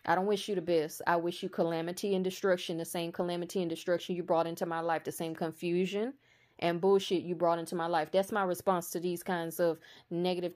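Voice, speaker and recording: A woman in a casual spiritual monologue, blunt and profane, speaking slowly and with emphasis, building to a heated intensity. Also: lowish voice, darkish tone. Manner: slow emphatic delivery that builds to raised intensity.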